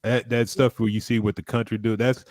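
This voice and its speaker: A man's voice: fairly low pitch, flat delivery, brisk, a little mellow, no room sound. A man from Alabama with a slight Southern US accent, chatting casually as a guest with rambling restarts. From Alabama, USA. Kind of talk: casual chat.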